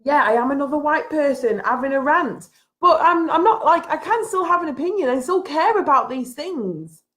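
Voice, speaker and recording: A woman's voice: high-pitched, lively intonation, normal speed, fairly bright tone. A woman vlogger at home giving a frustrated, emphatic rant to camera, repeating her points. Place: at home, having just got out of bed.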